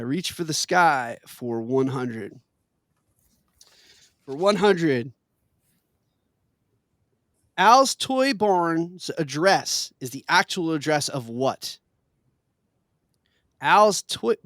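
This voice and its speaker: A man's voice: fairly high pitch, animated, extremely slow, long pauses, a bit bright, dry recording, clean studio sound. A man hosting a casual trivia game, reading questions with playful emphasis and laughing often. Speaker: quiz host.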